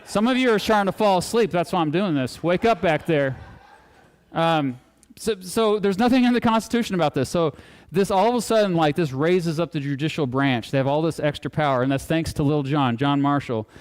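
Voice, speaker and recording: A man giving a live public lecture to an audience, casual and animated, joking and making asides as he talks. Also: on the high side, a little fast, clean tone. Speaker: guest speaker. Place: hall, talking to a live audience. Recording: long hall reverb.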